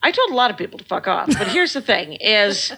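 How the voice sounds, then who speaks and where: A woman in her fifties telling a lively, profane story in a casual chat, often laughing. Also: medium pitch, fairly quick, low-quality recording. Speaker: podcast guest.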